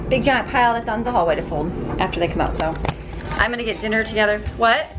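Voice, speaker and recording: A woman's voice: fairly high pitch, quick pace, over music. A woman in her thirties, a homeschooling mother, chatting through her day in a casual vlog while she goes about her chores at home. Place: car, home and kitchen. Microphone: handheld camera.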